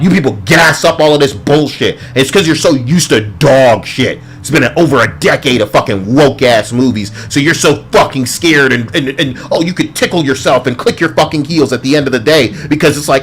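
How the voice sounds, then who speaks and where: A man's voice: mid-range voice, expressive, a little fast, hardly any pauses, fairly bright tone, a little hiss or hum. A man giving a heated, profane, sarcastic movie review as a ranting vlogger.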